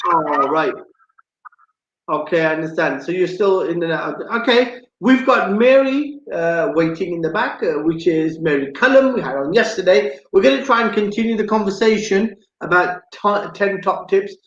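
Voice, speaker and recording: A man's voice: sits high, animated, moderate pace, fairly bright tone, reverberant, dull audio. A man hosting a live chat show, chatty and teasing, who says "excellent" a lot. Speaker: host. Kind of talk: live radio-style chat.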